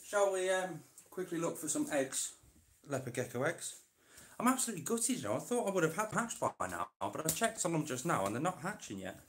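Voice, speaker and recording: Brisk and sing-song, with a voice on the high side, a reptile-keeping vlogger chats casually as he works, rambling and talking to his animals. The setting is an indoor reptile room with an echoey, roomy sound. He's recorded from a distance, away from the mic.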